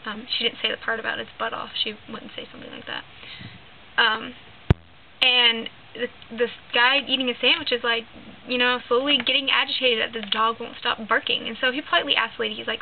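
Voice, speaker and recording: Over faint hiss on lo-fi, phone-like audio, a teenage girl rambles through a long joke for the camera, full of "um" and "like." Her voice is on the high side, a little fast, with fairly even intonation.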